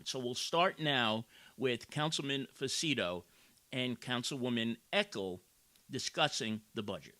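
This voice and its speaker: A man hosting a local news show, commenting on council meeting footage and getting loud and indignant at times. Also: mid-range voice. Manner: animated, gets loud and indignant.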